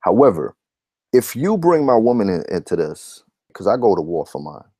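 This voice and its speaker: A man's voice: on the low side, big pitch swings, moderate pace, dark tone, husky, no room sound, clean studio sound. A man giving a heated vlog rant, emphatic and repetitive, with blunt profanity. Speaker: YouTube commentator.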